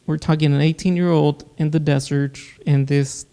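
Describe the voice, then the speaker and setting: Smooth, gravelly man telling a story. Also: on the high side, fairly even intonation, dark tone. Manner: earnest storytelling with halting restarts. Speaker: guest, producer. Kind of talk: casual podcast interview, personal story.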